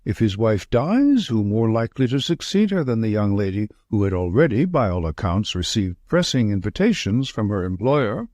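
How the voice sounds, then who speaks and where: A man reading the part of a shrewd, dry-witted Victorian detective in an audiobook, measured and emphatic. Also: fairly low pitch, big pitch swings, a little mellow, dry recording. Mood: musing.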